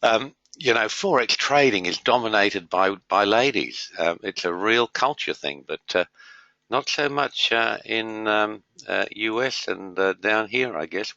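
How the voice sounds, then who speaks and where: A middle-aged man runs a trading webinar as host and tutor, chatting casually, greeting viewers by name, and filling his talk with fillers and matey asides. His voice is on the low side, creaky, bright, and forceful, and he speaks unhurriedly. The webinar audio is dull and lo-fi, with no echo.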